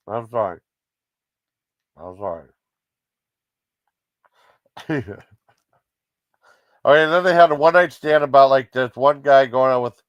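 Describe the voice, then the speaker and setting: A man's voice: mid-range voice, dry recording. A man casually reviewing comedy sketches, rambling with many fillers and giggly asides. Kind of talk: casual chat.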